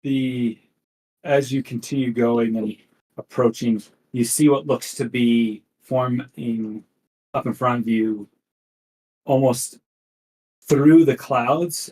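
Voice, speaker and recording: A male game master narrates a tabletop game at an unhurried, measured pace. His voice sits in a middle pitch, and he builds the scene in careful steps. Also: a little mellow, low-quality recording. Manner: slow, deliberate scene-setting.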